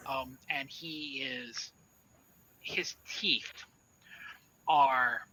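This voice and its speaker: A man narrating a tabletop game as game master, with a halting delivery full of fillers. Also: mid-range voice, fairly even intonation, sharp tone, dry recording, low-quality recording.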